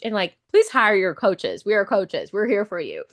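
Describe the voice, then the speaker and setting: A woman in her twenties or thirties, a coach and nurse being interviewed on a podcast. She talks in an animated, casual way, acts out people's inner voices and swears freely. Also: mid-range voice, normal speed.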